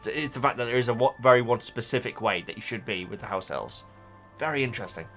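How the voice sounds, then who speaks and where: A man's voice: medium pitch, fast talker, fairly bright tone, faint music behind. Stammering chatty man. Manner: rambling, stammers and repeats words while thinking aloud. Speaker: YouTube reaction host reading a book. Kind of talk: casual reading reaction chat.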